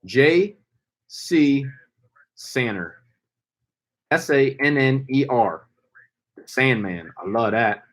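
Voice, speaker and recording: A young man hosting a casual live stream, loud and playful, hyping up names with slang and swearing. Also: medium pitch, animated, extremely slow, pauses often. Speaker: fantasy football streamer.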